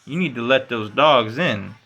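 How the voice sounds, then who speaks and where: A man hosting his own podcast, rambling in loose, profane slang and dropping "you know, man" all over. His voice is bright and forceful, and he climbs loud and high when he gets fired up. Faint music plays underneath. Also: expressive, unhurried, dull audio. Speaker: podcast host. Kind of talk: casual solo podcast rant.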